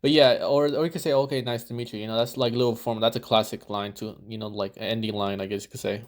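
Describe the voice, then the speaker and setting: A man's voice: lowish voice, level tone, fast. A man giving casual reaction commentary as a dating coach, rambling and swearing, acting out the lines he would use. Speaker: dating coach reviewing footage.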